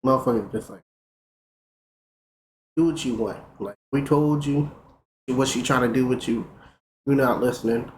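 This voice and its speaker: A young man streaming, casually telling a profane, animated story. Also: mid-range voice, normal speed, long pauses. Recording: roomy with faint noise.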